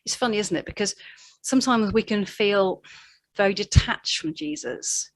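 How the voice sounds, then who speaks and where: A woman's voice: medium pitch, lively intonation, moderate pace, vocal fry. A woman giving a conversational sermon, telling the story in a chatty way with asides. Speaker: preacher.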